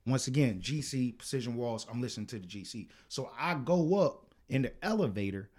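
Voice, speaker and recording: A man co-hosting a podcast, telling a work story in casual, profane chat that turns loud and heated. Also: mid-range voice. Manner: animated, profane, gets loud and heated retelling arguments. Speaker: podcast co-host.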